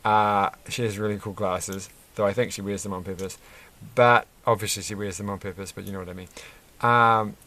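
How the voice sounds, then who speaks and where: Low gravelly man rambling while building. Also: sharp tone. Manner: rambling, digressive, many fillers and restarts. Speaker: Lego reviewer. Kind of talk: casual chat while building. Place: at a desk.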